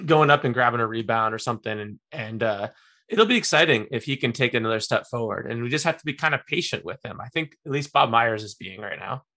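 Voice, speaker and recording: A man's voice: medium pitch, pushed and bright. A man hosting a podcast, chatting casually and easily about basketball and football picks. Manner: easygoing, chatty fan talk. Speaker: podcast host. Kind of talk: casual sports chat.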